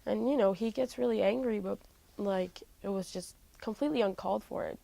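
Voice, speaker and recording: A woman's voice: mid-range voice, brisk, creaky, mellow, rough recording. A young woman musician telling a personal family story in an interview, candid and full of "like" fillers. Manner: heavy use of "like" fillers, candid.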